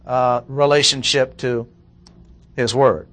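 A man delivers a verse-by-verse sermon at a middle pitch. He reads scripture aloud and stresses key words with steady emphasis, like a teaching pastor walking a congregation through a passage. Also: measured pace. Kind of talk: expository sermon.

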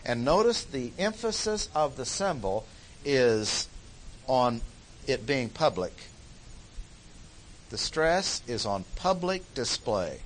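A man's voice: mid-range voice, sing-song, slow pace, long pauses, slight background noise, rough recording. A man teaching a Bible study lecture in an emphatic way, repeating key phrases for stress.

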